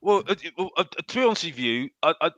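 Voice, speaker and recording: A man's voice: a little high, expressive, fast talker, a bit bright, no echo, dull audio. A man hosting a live football fan chat, ranting heatedly and stumbling over restarts as he vents. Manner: fired-up ranting with many restarts. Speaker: host.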